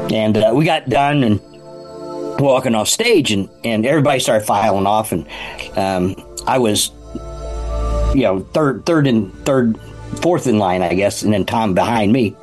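An older man and former band musician telling a casual, animated story, rambling with frequent restarts. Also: lowish voice.

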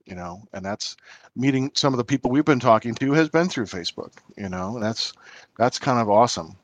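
A man's voice: mid-range voice, animated, brisk, dry recording. A man co-hosting a casual podcast chat, telling stories in a rambling, hesitant way with many fillers. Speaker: podcast co-host.

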